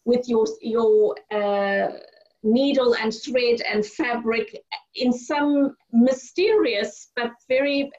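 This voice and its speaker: A woman hosting an interview over a video call, encouraging and asking gentle questions. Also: fairly high pitch, slow pace, highs cut off. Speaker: interview host. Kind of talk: conversational interview.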